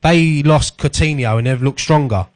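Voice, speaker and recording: A man with a Cockney accent chats casually about football as a radio co-host. His voice sits a little higher than most men's. He keeps things easygoing and jokey. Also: normal speed.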